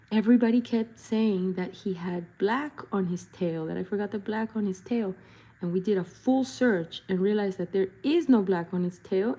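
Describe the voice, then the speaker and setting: A young woman talks casually while she paints, playful and chatty, often slipping into goofy voices and little jingles. Her voice is warm and mellow with a soft, breathy edge. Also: mid-range voice. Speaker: body painter and vlogger.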